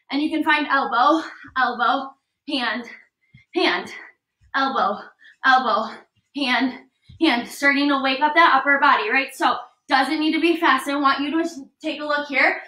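A high-pitched young woman trainer leads a workout, cueing form and counting down with upbeat energy. Her bright voice rings through a roomy, echoey space. She sounds a little away from the microphone. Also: moderate pace. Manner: upbeat coaching, counting down reps, frequent "right?". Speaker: fitness trainer. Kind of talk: leading a workout class. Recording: echoey room, voice a bit distant.

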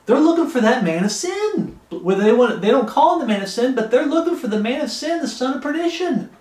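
A man's voice: very high-pitched, sing-song, fairly quick, a little mellow, reverberant. A man preaching an expository Bible sermon, emphatic, repeating his warnings and reading scripture aloud.

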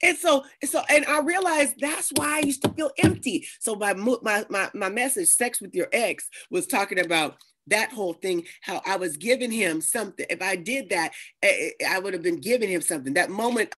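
A woman preaching a conversational sermon, animated, acting out the voices of the people she quotes. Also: mid-range voice, normal speed, few pauses, slight background noise. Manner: animated, acts out quoted voices, laughs often. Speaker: prophetess and preacher.

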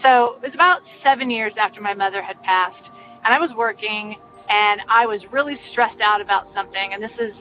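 An older woman earnestly telling a personal ghost story in a casual, meandering way, with many pauses. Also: medium pitch. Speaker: caller sharing a ghost story. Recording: slightly muffled, faint music behind.

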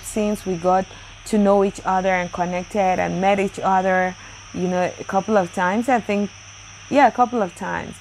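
A woman's voice: mid-range voice, darkish tone, slight background noise, rough recording. Chatty, effusive woman hosting a Bible channel. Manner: chatty and effusive, with frequent exclamations. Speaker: host of a daily Bible reading channel. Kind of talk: casual chat with birthday shout-outs.

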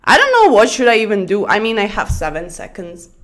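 A young woman streams blitz chess while chatting casually about her day, rambling through stories and bursting out excitedly over her moves. Her voice is medium-pitched and brisk.

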